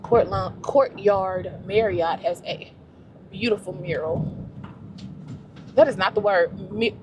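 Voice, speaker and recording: A woman's voice: medium pitch, takes it slowly, background noise. A woman chatting to her camera while she drives, talking to herself and laughing easily. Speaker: vlogger. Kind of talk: casual vlog chat. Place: in a car, driving.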